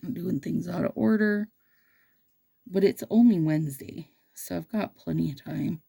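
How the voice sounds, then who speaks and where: Here a nail stylist vlogger talks casually and brightly about her nails, speaking right to the audience she calls "you guys." Her voice is on the low side and mellow, with vocal fry and a breathy edge, at a normal speed.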